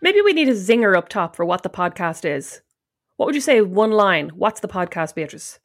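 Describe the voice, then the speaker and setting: A woman's voice: mid-range voice, big pitch swings, normal speed. An Irish woman co-hosting a podcast in casual chat, answering with dry, wry comebacks. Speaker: podcast co-host.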